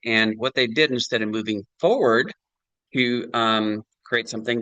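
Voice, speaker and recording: A man's voice: fairly low pitch, pushed and bright, no room sound, low-quality recording. A middle-aged man giving a chatty sales presentation on a video call, full of fillers and "right?" tag questions.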